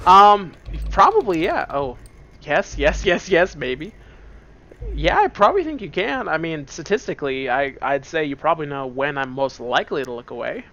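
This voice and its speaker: A man's voice: fairly high pitch, sing-song, moderate pace, pushed and bright. A man casually joking and rambling through commentary on a game, seated at a computer at home. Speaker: let's play gamer.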